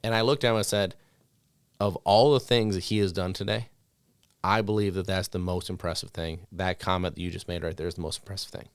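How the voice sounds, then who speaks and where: A dog trainer co-hosting a podcast in a studio chats casually and tells stories, leaning heavily on fillers like "like" and "you know." His voice is low, steady and fairly quick, clear and resonant, in a dry recording.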